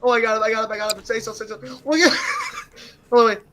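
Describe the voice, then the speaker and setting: A woman giving casual gameplay commentary, excitable and giggly, laughing constantly as she plays. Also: on the high side, quick pace, slight background noise. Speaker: gamer.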